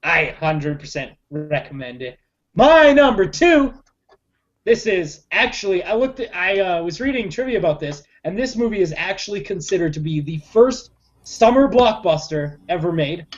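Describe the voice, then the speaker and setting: A man co-hosting a podcast in casual chat, excitable and quick to exclaim. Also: high voice. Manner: excitable, exclaiming, laughs often. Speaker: podcast co-host. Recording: dull lo-fi recording.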